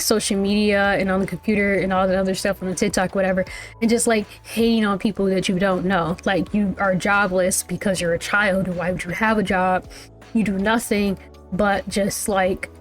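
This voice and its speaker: Chatty woman rambling through a reaction. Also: medium pitch. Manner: rambling, chatty, full of "like" and restarts. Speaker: music reaction channel host. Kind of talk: casual reaction commentary.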